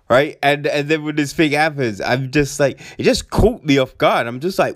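A man giving a rambling, excitable film review, swearing freely and packing his talk with fillers. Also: a little high, moderate pace, hardly any pauses. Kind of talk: casual spoken film review.

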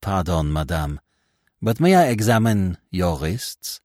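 A shrewd, courteous little detective from a storybook mystery speaks in a low voice that moves lively through its range, as a male narrator voices him. He is polite and exact in every phrase, and the sound is close and dry. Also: unhurried, no room sound.

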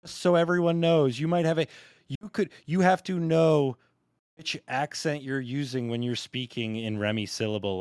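A man's voice: medium pitch, clean tone, no room sound, clean studio sound. A man co-hosting a podcast in casual chat, pressing the others with quizzical questions. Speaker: podcast co-host.

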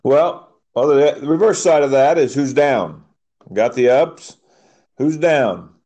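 A man co-hosting a podcast, animated as he tells referee stories and mimics yelling fans. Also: mid-range voice, slow, dull audio. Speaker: podcast co-host, soccer referee. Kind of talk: casual chat.

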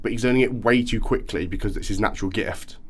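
Animated young man chatting films. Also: fairly low pitch, fast talker, slight background noise. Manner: animated, acts out quoted reactions. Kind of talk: casual film chat.

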